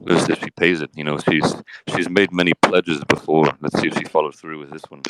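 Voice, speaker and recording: A man doing an impression of a weary, mumbling male movie star, speaking in a slow, low drawl in a comedy podcast bit. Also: flat delivery, background noise.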